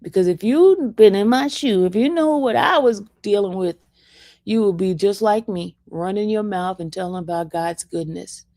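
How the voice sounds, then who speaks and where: A woman's voice: mid-range voice, moderate pace, mellow, no room sound, clean studio sound. A woman giving a casual, fervent testimony to her viewers, emphatic and repeating her phrases for emphasis. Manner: fervent, praising. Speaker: vlogger sharing a faith testimony.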